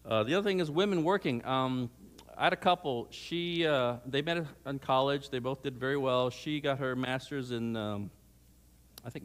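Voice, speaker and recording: A middle-aged man giving a conversational sermon on marriage to students, telling stories and often checking in with "okay?". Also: medium pitch. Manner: chatty, anecdotal, frequent "okay?" check-ins. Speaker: speaker at a church student rally. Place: church hall.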